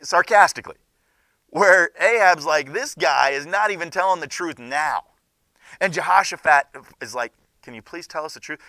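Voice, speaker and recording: A young man teaching a Bible class, telling the story in an animated way and acting out the characters' lines. His voice is bright and fairly high, and it swings widely in pitch. The sound is dry and close. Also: moderate pace, no echo.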